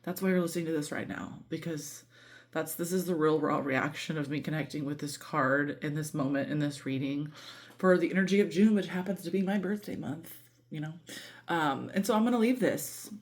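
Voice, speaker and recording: A woman's voice: low voice, brisk. A woman giving a casual tarot reading, emotional and candid, swearing freely and talking with lots of fillers. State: voice breaking with emotion. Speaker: tarot reader.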